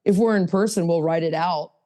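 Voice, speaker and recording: A woman hosting a podcast, teaching a hands-on workshop in a casual way, blunt and self-mocking, swinging from low asides to high emphatic bursts. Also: a little fast, mellow. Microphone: podcast mic.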